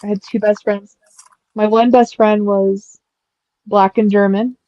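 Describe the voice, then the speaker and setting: A woman hosting a casual chat and telling family anecdotes in a relaxed, chatty way. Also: mid-range voice, measured pace, no room sound. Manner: chatty storyteller, acts out voices in her anecdotes. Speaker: stream host. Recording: dull lo-fi dry sound.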